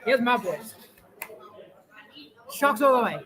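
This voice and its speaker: High-voiced rugby fan commentator. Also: male voice, expressive, slow. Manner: chatty, talks to viewers and chat. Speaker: fan streaming live commentary. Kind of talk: casual live sports commentary. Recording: loud match crowd and music behind. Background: stadium crowd and music from the broadcast.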